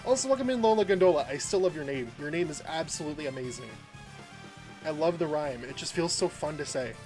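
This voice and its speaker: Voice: medium pitch, lively intonation, fast talker, over music. A game streamer chatting casually and rambling through a story, laughing often and greeting viewers by name. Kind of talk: casual livestream chat while gaming.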